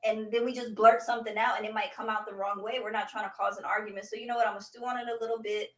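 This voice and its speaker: A woman's voice: mid-range voice, little pitch movement, racing. A woman co-hosting a casual group chat, earnestly explaining her view at length. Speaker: podcast co-host. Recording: roomy, distant mic.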